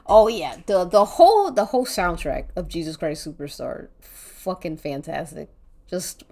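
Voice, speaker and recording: A woman's voice: on the low side, animated, a little slow, warm tone. A woman streaming while she draws, chatting casually, rambling and thinking aloud, with casual swearing. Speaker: art streamer.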